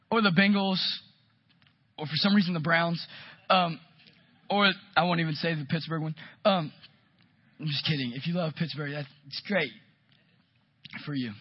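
Animated husky-voiced male preacher. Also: sits high, dry recording, dull audio. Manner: animated storytelling, acts out quotes. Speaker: pastor. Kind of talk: sermon storytelling.

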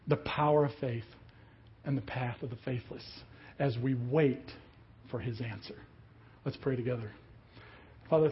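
A man preaching a sermon as a pastor, telling a story with lively acted-out voices. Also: mid-range voice, highs cut off, slight background noise. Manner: animated storyteller, acts out voices of people in the story.

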